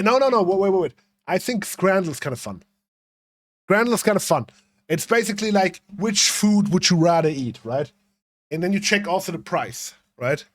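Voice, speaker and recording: While livestreaming a game, this young man talks to chat in a rambling, casual way, cursing freely throughout his commentary. His voice is fairly high in pitch, with no echo in the recording.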